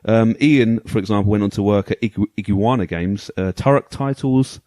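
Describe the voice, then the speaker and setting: A man hosting a retro gaming podcast, enthusiastic and quick to laugh, sometimes reading a story aloud in a dramatic voice. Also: fairly low pitch, dry recording. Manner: animated, enthusiastic, laughs easily. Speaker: podcast host.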